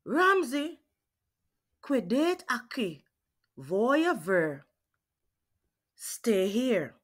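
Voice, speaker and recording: A woman reading aloud gives voice to a bossy, protective grandmother. She scolds in a quick, no-nonsense way, her pitch rising when she frets. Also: big pitch swings, fairly bright tone, heavily acted. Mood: scolding.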